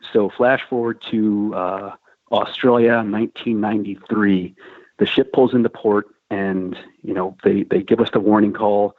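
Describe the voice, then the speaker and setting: A man's voice: lowish voice, husky, no room sound. A middle-aged man casually telling a crude, profane story, acting out the other people in it. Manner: crude, profane, animated anecdote with quoted voices. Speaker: podcast host telling a war story. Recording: phone-like, narrow band, dry.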